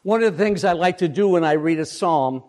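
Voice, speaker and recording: An older man giving a devotional talk, halting with many fillers, lingering over phrases and asking listeners to repeat after him. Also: fairly high pitch, a little mellow. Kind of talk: devotional talk with psalm reading.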